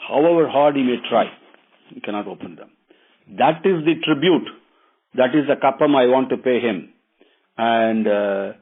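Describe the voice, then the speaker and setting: A man's voice: mid-range voice, breathy edge, lightly acted. A man voicing a proud, scornful king. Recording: tinny phone-like line.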